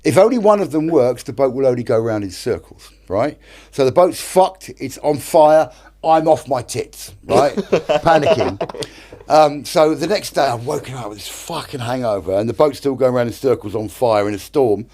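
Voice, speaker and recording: A man's voice: medium pitch, animated, normal speed, darkish tone. A middle-aged British man, an actor and director, tells stories as a podcast guest, swearing a lot and acting out other people's lines. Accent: British English. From Britain. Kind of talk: casual storytelling. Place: podcast studio.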